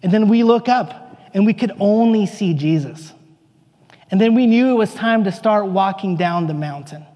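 A man playing a bewildered, excitable apostle, telling his story in earnest, rambling first-person monologue. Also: high-pitched, moderate pace, long reverb tail. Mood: reflective. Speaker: actor in a church dramatic monologue.

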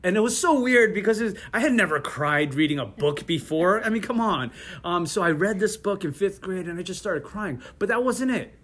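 A middle-aged man in a relaxed interview, talking with many restarts and frequent laughs. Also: sits high, fairly quick. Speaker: interview guest. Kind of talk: casual conversational interview.

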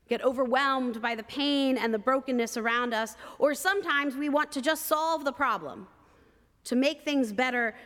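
A woman preacher telling a personal story in a sermon, measured and expressive with vivid detail. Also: a little high, long reverb tail.

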